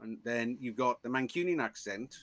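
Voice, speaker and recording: Liverpool guy on a podcast, mid pitch, dry close sound, chatty, lots of restarts. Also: lively intonation, moderate pace, fairly bright tone, no echo. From England. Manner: chatty, explains with examples, many restarts. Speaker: podcast guest. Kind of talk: casual chat.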